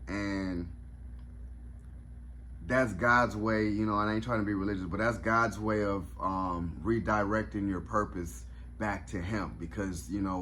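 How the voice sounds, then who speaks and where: A man's voice: fairly low pitch, sharp tone, a little hiss or hum. A man reviewing a comedy special in a casual vlog, reflective and openly emotional, with lots of fillers and restarts.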